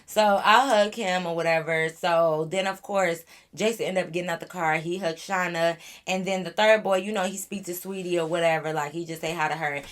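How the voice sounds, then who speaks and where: A woman with a somewhat low voice tells a storytime on her vlog. She talks casually and animatedly in loose slang. She throws in swearing and irritated asides. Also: steady tone, normal speed. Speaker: vlogger.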